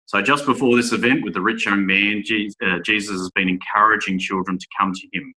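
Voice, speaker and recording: A man giving a Bible talk to young men, reading scripture aloud and asking rhetorical tag questions in a measured way. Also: fairly low pitch, fairly even intonation, sharp tone, poor audio. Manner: measured, with small restarts. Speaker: speaker at a Bible school.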